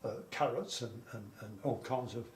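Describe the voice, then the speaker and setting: At medium pitch and normal speed, an older man answers oral history interview questions about his wartime childhood. His telling is rambling, with repetitions. Echo from the room and faint background noise come through.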